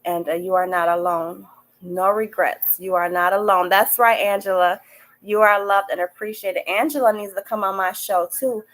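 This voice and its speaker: A woman's voice: medium pitch, fairly even intonation, moderate pace, low-quality recording. An older woman hosting a live stream, giving oracle card readings and talking straight to her viewers in an emphatic, repetitive, encouraging way. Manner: warm, emphatic, repeats phrases, talks straight to viewers. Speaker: podcast host reading oracle cards.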